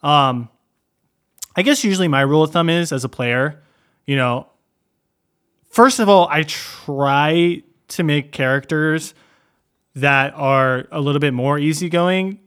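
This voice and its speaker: Rambling young man, slightly high voice. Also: a little slow, long pauses, fairly bright tone, clean tone. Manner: rambling, repeats words, many fillers. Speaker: podcast co-host. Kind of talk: casual chat.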